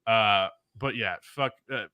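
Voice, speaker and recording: A man's voice: on the low side, slow pace, clean tone, no echo, lo-fi sound. A man co-hosting a casual sports podcast, ranting with blunt, profane opinions. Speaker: podcast co-host.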